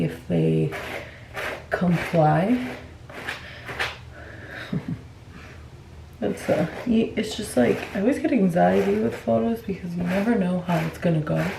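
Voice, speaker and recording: A mother in her thirties talks straight to the camera in a chatty vlog, her voice low and gravelly against a noisy background. Now and then she sounds a little out of breath.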